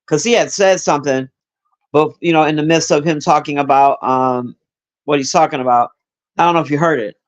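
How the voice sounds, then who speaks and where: With a fairly high, brisk voice, a man hangs out on stream chatting with viewers, cursing freely, rambling full of fillers, and replying to chatters by name.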